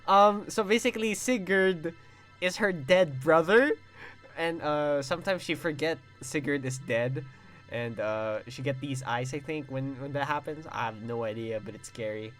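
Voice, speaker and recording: Young male streamer, reads game text aloud, breaks off to swear and exclaim; soft music under him. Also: fairly high pitch, normal speed. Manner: excitable, swears and exclaims between read-out passages.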